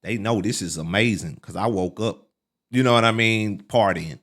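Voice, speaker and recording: A middle-aged man, a podcast guest, telling his life story in a casual, animated way, full of fillers like "man" and "like". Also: normal speed. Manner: relives quotes with sharp pitch leaps.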